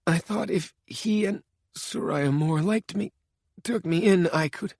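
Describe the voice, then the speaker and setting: A man's voice: high voice, measured pace, darkish tone, no room sound, studio quality, voice pushed up. A man voicing a dying, desperate official who pleads in a raised, strained voice. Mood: pleading. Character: doomed middle-aged male official, pleading.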